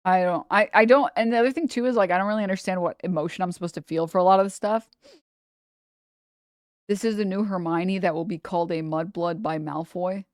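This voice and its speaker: A woman's voice: lowish voice, fairly even intonation, a little fast, dry recording, clean studio sound. A young adult woman hosting a live stream, chatting casually in slangy, profane, irreverent banter. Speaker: streamer host.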